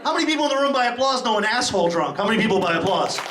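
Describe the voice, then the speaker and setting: Brash, high-voiced comedian. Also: male voice, lively intonation, heavy background noise. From Boston, USA. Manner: rapid, brash and profane, working the crowd. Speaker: stand-up comedian. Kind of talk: stand-up comedy set. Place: comedy club. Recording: roomy club sound from a distance.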